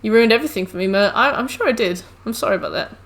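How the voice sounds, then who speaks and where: Rapid-fire and animated, this fairly high-pitched woman is casually live-streaming a game from home on a headset mic. She keeps up chatter with her audience and nags her cats in between observations about the gameplay.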